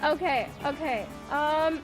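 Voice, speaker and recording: A young woman chatting casually on a live stream as a VTuber, reading her chat aloud, giggling often and getting loud when excited, with casual swearing. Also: high-pitched, slow pace, music in the background. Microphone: headset mic with headphones.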